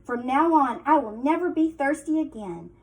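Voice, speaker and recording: A woman voicing a boastful young male armadillo in a storybook reading, with a squeaky, exclaiming manner. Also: animated, normal speed. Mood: excited.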